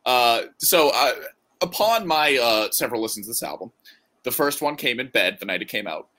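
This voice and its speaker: A podcast co-host chats casually and jokes as he rambles through his thoughts. His mid-range voice is animated and sharp in tone, at a moderate pace.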